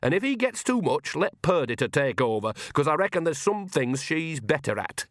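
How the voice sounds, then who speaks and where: Hombre haciendo de vieja bruja descarada. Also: male voice, fairly high pitch, sing-song, moderate pace, a bit bright, no room sound, studio quality, pitched above the performer's own voice. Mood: scheming. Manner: blunt, bawdy, growling. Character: shameless, earthy old witch woman.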